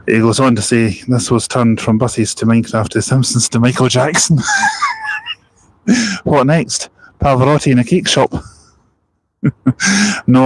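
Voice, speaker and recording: Scottish man, casual live-stream chat, jokey, rambling, mid-pitched voice. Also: a little hiss or hum, rough recording. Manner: jokey, rambling, laughs at his own stories. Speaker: live-streaming bus spotter.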